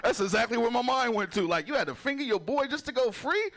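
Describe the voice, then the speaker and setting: A man's voice: very high-pitched, animated, fast, a bit bright. A man doing a crude stand-up comedy set, laughing at his own jokes and talking in a loose, chatty way. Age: adult with a son. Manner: loose, chatty, keeps asking "you know".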